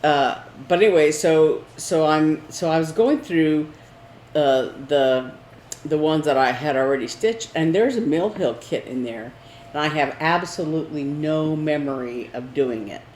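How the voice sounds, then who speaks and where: A woman's voice: low-pitched, unhurried, darkish tone. A woman co-hosting a casual crafting chat, talking in a rambling way with many fillers. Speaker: co-host. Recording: echoey room with faint noise.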